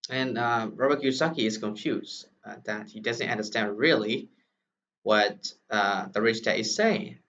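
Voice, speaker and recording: A man's voice: lowish voice, measured pace, fairly bright tone. A man with a Burmese accent, native Burmese speaker, teaching a lesson in English, explaining step by step and tagging sentences with "right?". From Myanmar. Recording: distant, dull lo-fi recording.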